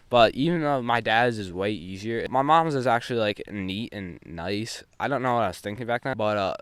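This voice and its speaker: A man's voice: medium pitch, a bit bright, clean tone, no echo. A teenage boy telling a story in a casual, rambling way, swearing often and restarting his sentences. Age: teens. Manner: rambling, profane, many restarts. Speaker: vlogger.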